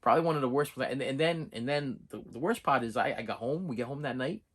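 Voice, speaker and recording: A man's voice: medium pitch, quick pace. A middle-aged man telling a long, rambling personal story to camera as a movie-collector vlogger, repeating himself and restarting sentences. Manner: animated, repetitive storytelling with restarts. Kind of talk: rambling casual monologue.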